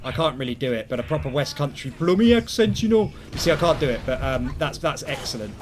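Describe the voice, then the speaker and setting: A man's voice: mid-range voice, sing-song, fast, slight background noise. A young man chatting casually and rambling as he streams a video game, poking fun at himself. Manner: chatty, rambling, self-deprecating. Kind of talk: casual gameplay commentary.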